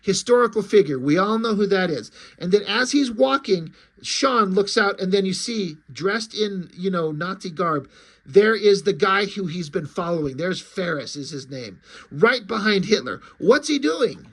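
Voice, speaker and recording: A man's voice: high-pitched, lively intonation, moderate pace, fairly bright tone. A man casually walking through a comic book, chatty and swearing freely.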